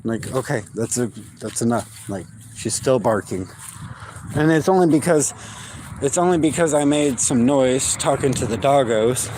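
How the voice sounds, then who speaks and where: A man's voice: mid-range voice, animated, normal speed, noisy background. A man, chatting casually outdoors in his yard while he vlogs on a phone, rambling and talking to his dogs. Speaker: vlogger. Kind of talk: casual walk-and-talk vlog. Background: dogs barking.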